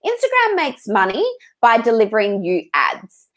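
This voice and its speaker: A woman speaks as an expert guest on a podcast, with a slightly higher voice. She talks in a lively, emphatic way and acts out the thoughts she quotes. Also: moderate pace. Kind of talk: casual interview answers.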